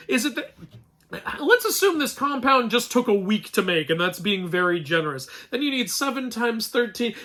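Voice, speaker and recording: Bright, high-voiced sarcastic male reviewer. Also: animated, unhurried. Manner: sarcastic and exasperated, with frequent laughs and restarts. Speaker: mythology channel host reviewing a film. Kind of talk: casual spoken film review.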